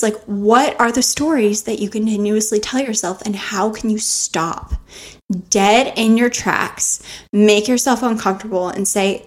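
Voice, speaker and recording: A woman's voice: medium pitch, fairly even intonation, a little slow. Earnest woman coaching listeners. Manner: earnest, coaching, asks rhetorical questions. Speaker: podcast host. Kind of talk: motivational self-help talk. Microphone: close to the mic.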